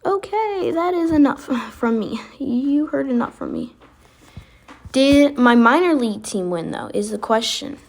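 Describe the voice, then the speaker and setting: Slow-talking excitable woman gamer. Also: on the high side, creaky. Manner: excitable, chatty, reacting aloud to the game. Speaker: gaming video creator. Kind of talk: casual gameplay commentary.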